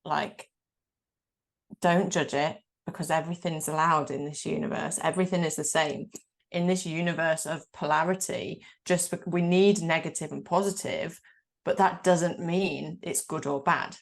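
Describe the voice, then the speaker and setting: A woman's voice: deep voice, fairly even intonation, normal speed, vocal fry. A woman hosting a podcast, chatting in an earnest, reflective way and laughing easily. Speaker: podcast host. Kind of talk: casual interview chat.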